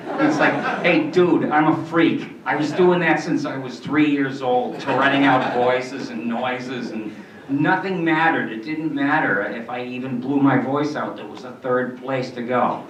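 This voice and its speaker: A man in his sixties telling rambling, animated stories as a guest at a convention panel. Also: mid-range voice, a little slow, background noise. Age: 60s. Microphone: filmed from the audience. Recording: distant, roomy, muffled hall recording.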